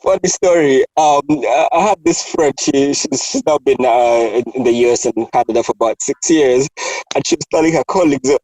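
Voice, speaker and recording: A man hosting a casual chat, animated and laughing often, restarting his sentences. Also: mid-range voice, a little fast, dry recording, rough recording. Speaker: host.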